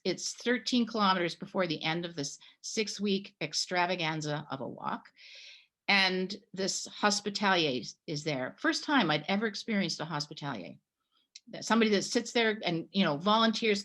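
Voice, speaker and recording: A middle-aged woman from Canada, a guest telling a personal story in a conversation, animated and acting out the dialogue. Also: medium pitch. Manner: animated storyteller, acts out her own past dialogue.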